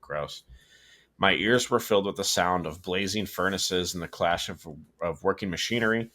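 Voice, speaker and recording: A co-host with a low, sharp-toned voice reads a horror story at normal speed, tripping over words, fixing his mistakes, and adding offhand comments as he goes.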